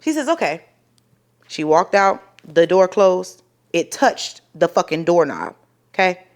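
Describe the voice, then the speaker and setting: A young woman, telling a personal story to the camera in a profane, animated way and acting out the people in it. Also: fairly low pitch, measured pace. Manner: profane, animated, dramatic re-enactments. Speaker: vlogger. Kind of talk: storytelling vlog.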